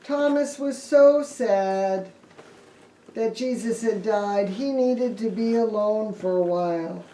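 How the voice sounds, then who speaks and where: A woman pastor telling a Bible story to children in a lively, playful way. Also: medium pitch, takes it slowly. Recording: echoey room, distant mic.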